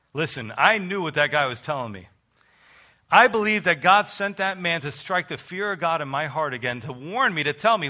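A man's voice: sits high, big pitch swings, normal speed, bright, forceful tone. A middle-aged man preaching a sermon and telling his own testimony, earnest and conversational, with emphatic rises. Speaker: pastor.

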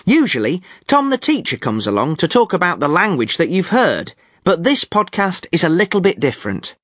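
A man hosting an English-learning podcast, speaking clearly in an amused, teacherly way. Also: sits high, sing-song, normal speed, a bit bright, no echo, studio quality. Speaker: podcast host.

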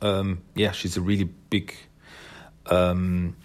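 Low-voiced man casually recapping a comic. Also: level tone, takes it slowly. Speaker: comic book reviewer.

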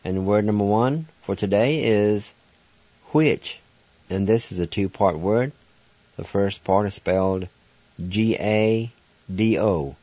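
A man's voice: fairly low pitch, slow, dark tone, no room sound, highs cut off. A man hosting a radio language lesson who patiently spells out each word letter by letter and then pronounces it.

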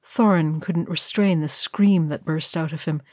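Slow, measured woman storyteller. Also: low-pitched, darkish tone, no room sound, clean studio sound. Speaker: audiobook reader. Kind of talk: fan fiction reading.

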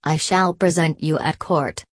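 A woman voicing a brisk, bossy but kindly fairy godmother in a storybook reading, giving orders. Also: deep voice, no room sound, clean studio sound. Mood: commanding. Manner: commanding, brisk.

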